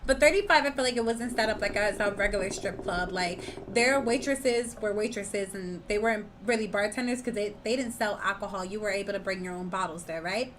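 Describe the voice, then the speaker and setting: A woman's voice: medium pitch, a little fast, slight background noise. A young woman co-hosting a podcast, telling a story in casual chat and acting out what people said. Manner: animated storytelling, acts out quotes loudly. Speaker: podcast co-host.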